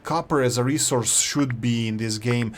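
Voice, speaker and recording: A gaming channel host from former Yugoslavia, whose first language is Serbo-Croatian, gives casual gameplay commentary that rambles, voices strong opinions, and often corrects itself. He has a mid-range voice and talks at normal speed.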